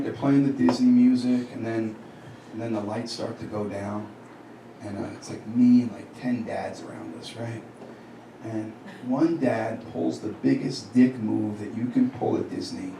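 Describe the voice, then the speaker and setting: A man's voice: medium pitch, moderate pace, gravelly, noisy background. A man in his thirties doing a crude, conversational stand-up set, acting out quotes of himself and others. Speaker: stand-up comedian. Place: comedy club stage. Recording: roomy club, distant mic, crowd laughter. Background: audience laughing.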